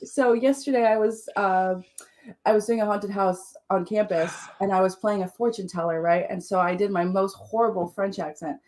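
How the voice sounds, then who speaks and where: A woman's voice: medium pitch, normal speed, darkish tone. A young woman from Chile hosting a casual livestream writing sprint, bubbly and gushing, laughing often.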